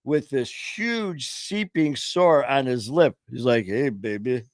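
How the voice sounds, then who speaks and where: Slow and expressive, with a medium-pitched voice, a man hosts a streamed talk show of casual, rambling storytelling. He fills pauses often, swears a bit, and laughs at his own stories, all on a home streaming setup that sounds dry and studio-quality.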